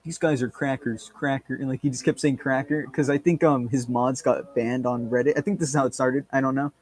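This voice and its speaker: A man's voice: medium pitch, steady tone, a little fast, darkish tone. A man co-hosting a podcast, chatting casually in a rambling, crude, joking way with lots of fillers. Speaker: podcast co-host. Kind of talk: casual chat.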